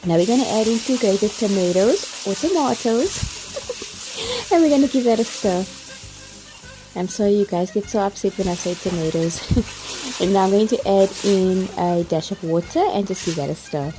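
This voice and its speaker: A woman's voice: medium pitch, lively intonation, moderate pace, pauses often. Chatty woman cooking. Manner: chatty, step-by-step instructions with light laughs. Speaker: cooking vlogger. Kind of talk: cooking tutorial voice-over. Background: background music.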